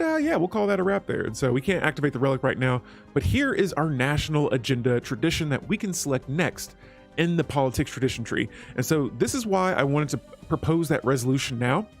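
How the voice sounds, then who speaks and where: A man hosting a strategy game let's play, chatting casually with his viewers as he clicks through menus. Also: fairly high pitch. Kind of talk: gameplay commentary.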